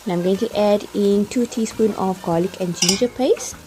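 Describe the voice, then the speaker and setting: This cooking vlogger narrates her tutorial at a normal speed in a mid-range voice, with music playing behind her. She keeps it chatty, walking through each step and laughing lightly along the way.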